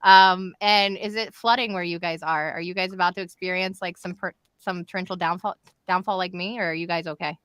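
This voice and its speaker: A woman's voice: lowish voice, steady tone, a little fast, fairly bright tone, clear, resonant tone, no room sound. A woman hosting a live stream from home, chatty and upbeat, calling the viewers y'all. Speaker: host of a live show. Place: home in Florida.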